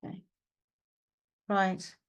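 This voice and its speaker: A woman giving a live psychic mediumship reading, chatty and reassuring, with lots of "okay" and "right" fillers and self-mocking asides. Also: drawn-out words. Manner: self-mocking, laughs at herself.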